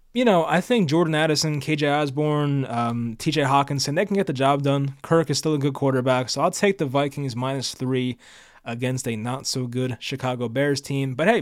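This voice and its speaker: A young man talks casually through his picks, hedging and second-guessing himself as he goes. His voice sits at an ordinary middle pitch. The sound is dry and close, with no room around it. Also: dry recording. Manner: casual, thinking aloud with fillers and second-guessing. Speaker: sports video host. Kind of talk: casual solo sports preview.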